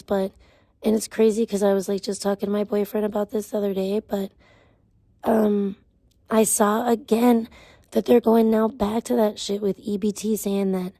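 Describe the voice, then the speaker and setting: Woman streamer, low gravelly edge, warm relaxed tone, rambling profane rants to chat. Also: normal speed, no echo. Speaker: live streamer. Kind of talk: casual livestream chat.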